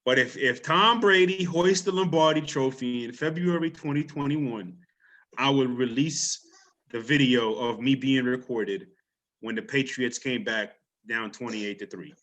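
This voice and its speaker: A man hosting a casual sports talk show, talking in an energetic, loose way with frequent restarts and an island lilt under his broadcast voice. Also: mid-range voice, measured pace. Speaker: podcast host.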